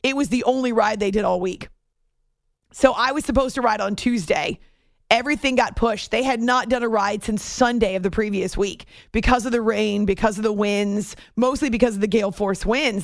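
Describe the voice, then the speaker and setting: A woman radio host telling a story in a chatty, animated way, laughing easily. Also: mid-range voice, normal speed, vocal fry, no echo, clean studio sound. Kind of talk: casual storytelling on a radio show.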